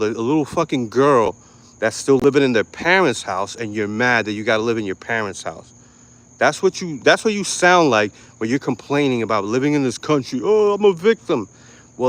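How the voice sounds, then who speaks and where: A young man from New York City rants into the camera as an online commentator. His talk is blunt, aggressive and full of street slang and swearing. His voice sits at an everyday middle pitch. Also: a bit bright. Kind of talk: ranting commentary.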